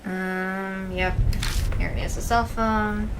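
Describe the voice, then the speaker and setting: A woman's voice: mid-range voice, little pitch movement, slow, background noise. A woman streaming a game, chatting casually as she thinks aloud and reads the game's text. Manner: chatty, thinks aloud, quiet and murmured while exploring. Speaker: let's play streamer. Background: game music.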